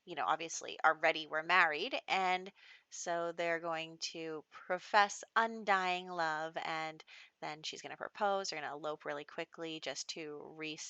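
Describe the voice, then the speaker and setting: Woman gameplay host, chatty and giggly, low-pitched but bright; dull, dry home recording. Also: dry recording. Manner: chatty, laughs often, acts out characters' lines. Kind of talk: casual gameplay commentary.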